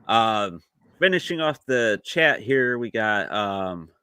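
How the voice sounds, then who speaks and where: A man's voice: fairly low pitch, animated, takes it slowly, sharp tone, clean tone, no room sound. A man hosting a retro gaming podcast, talking in a laid-back way with lots of fillers. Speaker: podcast host. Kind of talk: casual chat.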